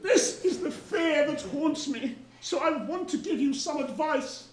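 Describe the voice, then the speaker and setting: Pantomime villain: woman as a pompous pirate captain, high and unhurried, caught from far off in a hall. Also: lively intonation. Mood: menacing. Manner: pompous, gloating, theatrical. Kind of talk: amateur pantomime stage acting. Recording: echoey hall from far off, audience.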